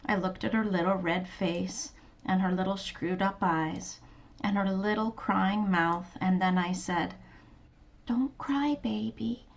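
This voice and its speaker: Slow gentle woman reading a storybook. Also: on the low side, fairly even intonation. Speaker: teacher reading aloud. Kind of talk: children's story read-aloud.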